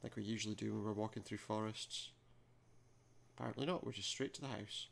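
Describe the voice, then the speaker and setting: A man's voice: lowish voice, fairly even intonation, fairly quick, creaky. A man hosting a let's play, reading the game's text aloud and dropping wry, joking asides.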